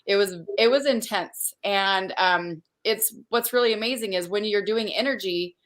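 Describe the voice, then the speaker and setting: A woman's voice: medium pitch, moderate pace, fairly bright tone. A woman hosting a livestream conference, chatting casually and effusively while reading out viewer comments. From Utah. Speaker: conference host.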